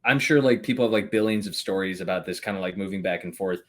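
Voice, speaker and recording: A young man appears as a podcast guest, telling stories in a rambling, casual chat. He talks fast in a low-pitched voice, swears often, and laughs between words.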